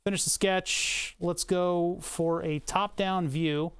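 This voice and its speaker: A man's voice: high voice, fairly even intonation, takes it slowly, clear, resonant tone. A man casually chatting to his livestream chat while working on a design, rambling with joking asides and self-mocking laughs. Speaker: streamer.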